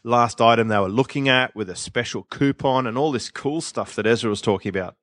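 A man co-hosting a podcast, swapping stories about online marketing in a relaxed, chatty way. He jokes at his own expense and laughs as he tells his anecdotes. His voice is recorded dry, with no room sound. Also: medium pitch, a little fast, no echo. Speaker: podcast co-host and event organizer. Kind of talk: casual business chat.

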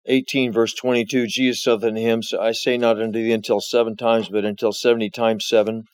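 A man preaching a sermon as pastor, reading scripture and explaining it with slow, emphatic rises. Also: mid-range voice, flat delivery, dry recording.

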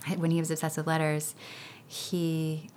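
A woman in her thirties chatting as a guest, telling lively stories and acting out what others said. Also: deep voice, slight background noise. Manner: animated storytelling with laughs and acted-out quotes. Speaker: guest parent. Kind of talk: casual interview chat.

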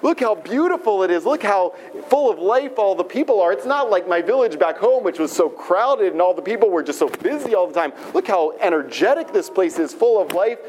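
A man's voice: sits high, very animated, a little fast, hardly any pauses, a little mellow, slight background noise. A man voicing a discontented grown man who gushes over everything he sees. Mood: delighted.

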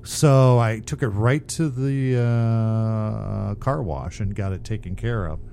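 A man's voice: lowish voice, slow pace, creaky, mellow, a little hiss or hum. Rambling, profane storytelling man. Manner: rambling, profane, laughs through his own story. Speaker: podcast co-host. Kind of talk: casual storytelling chat.

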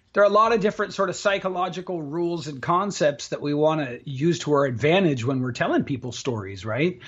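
A man who is a speaking coach, guesting on a podcast over a remote call, telling stories in a confident, animated way. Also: high voice, lo-fi sound. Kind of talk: casual interview storytelling. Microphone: remote call setup.

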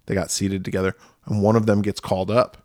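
With a deep, slightly mellow voice and a level tone, a podcast co-host talks fast in a casual chat, rambling enthusiastically about his favorite films. The clean studio sound has no echo.

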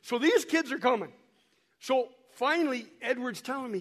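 A high-voiced man speaks to a church in a folksy storytelling way, stumbling over and repeating his words as he shows photos. He is hoarse from a cold. His voice carries a long echo through the church hall. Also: lively intonation, moderate pace, fairly bright tone. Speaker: missionary guest speaker. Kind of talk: storytelling talk to a church while showing photos.

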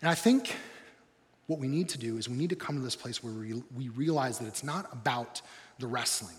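A man preaching a sermon, animated, swinging between loud excited bursts and quiet, low, intense stretches. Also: a little fast, in a large hall. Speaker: pastor.

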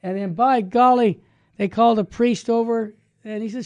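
A man, a Catholic evangelist, telling a story and then teaching in an animated, folksy way. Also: sits high, normal speed, no echo.

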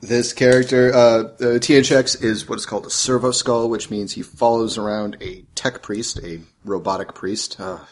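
A man's voice: on the low side, steady tone, normal speed, hardly any pauses. A man, a player, introducing his character in a casual chat, laughing and rambling while he jokes.

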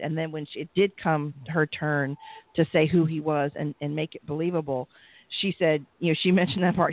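Male co-host, slightly high, gravelly, halting delivery, dry tinny line. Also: flat delivery, no room sound. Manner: halting, many restarts and fillers. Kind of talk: casual TV recap chat. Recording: dry, phone-like audio.

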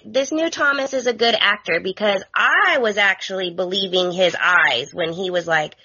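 A woman's voice: medium pitch, normal speed, hardly any pauses, sharp tone, breathy edge, muffled recording. A woman guest co-host on a podcast, chatting casually in a skeptical, questioning way. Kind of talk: casual recap chat.

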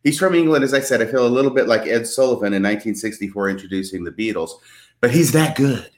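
A man's voice: mid-range voice, expressive, quick pace, darkish tone, echoey room. A man co-hosting a live show, playful and effusive, joking between remarks. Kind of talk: casual live show banter.

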